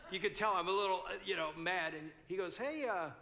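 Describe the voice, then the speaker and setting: Animated, bright-voiced pastor man. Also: high-pitched, brisk. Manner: animated storytelling, acts out both sides. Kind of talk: conference talk to couples.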